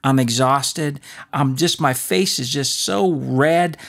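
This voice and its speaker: A man co-hosts a faith discussion with a gravelly, textured voice. He teaches in an animated, preacher-like style and acts out his stories as he goes. His pitch sits in the middle range. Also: takes it slowly. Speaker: podcast co-host. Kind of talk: conversational faith teaching with storytelling.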